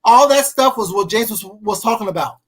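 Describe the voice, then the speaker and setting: A co-host in casual gossip chat, often stumbling on repeated words and drawing some words out slowly. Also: mid-range voice, animated, husky. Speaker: livestream co-host.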